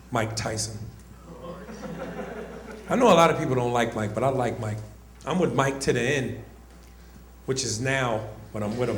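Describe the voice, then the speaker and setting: A man's voice: mid-range voice, a bit bright, roomy sound. A man doing stand-up comedy, telling brash stories to a club audience. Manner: brash, storytelling.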